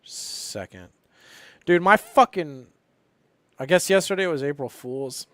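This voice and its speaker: A man's voice: on the high side, slow pace, a bit bright, dry recording. Swearing casual man, dry close sound. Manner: profane, rambling, frequent fillers. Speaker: trading live streamer. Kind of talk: casual live stream chat.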